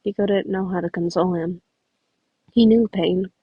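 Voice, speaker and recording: A woman's voice: lowish voice, steady tone, moderate pace, slightly rough, dry recording, muffled recording. A woman casually reading fan fiction aloud as a podfic, often correcting herself and adding chatty asides. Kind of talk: podfic narration.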